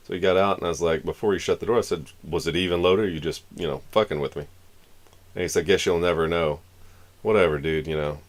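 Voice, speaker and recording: A man's voice: deep voice, steady tone, quick pace. A man streaming live, telling a long story in a casual, rambling way and acting out the lines of the people in it. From Florida. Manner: rambling, acts out the dialogue of the people in his story.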